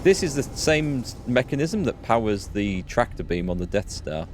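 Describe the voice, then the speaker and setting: A man's voice: medium pitch, very animated, normal speed, slight background noise. A man hosting a let's play, chatting and laughing through his commentary. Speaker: gaming video host.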